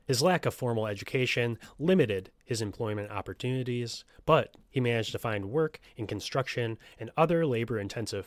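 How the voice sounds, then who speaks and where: A man's voice: medium pitch, no room sound, clean studio sound. Swearing male true-crime podcast host. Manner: profane, joking asides between scripted passages. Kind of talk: true crime narration with casual asides.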